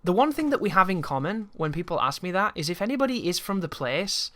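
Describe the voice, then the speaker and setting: A man's voice: sits high, big pitch swings, quick pace, fairly bright tone. A man giving casual, rambling, opinionated commentary over a video game, swearing freely as he talks. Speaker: gameplay commentator.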